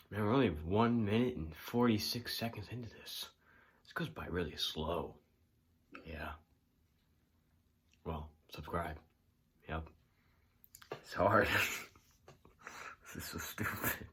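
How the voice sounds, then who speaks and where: A man's voice: low voice, takes it slowly, pauses often, fairly bright tone, breathy edge. A young man talking straight to his viewers in a teasing, mock-bored way. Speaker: YouTuber. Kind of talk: deadpan talk to camera.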